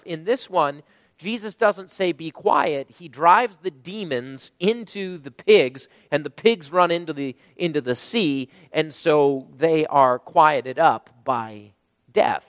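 A man preaching a sermon, emphatic, rising to loud bursts when he quotes. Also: on the high side, animated, takes it slowly, no echo, long reverb tail. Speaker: pastor.

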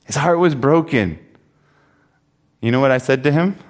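A man's voice: medium pitch, measured pace. A man preaching a sermon, telling a story earnestly and reading scripture aloud. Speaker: pastor. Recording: long hall reverb.

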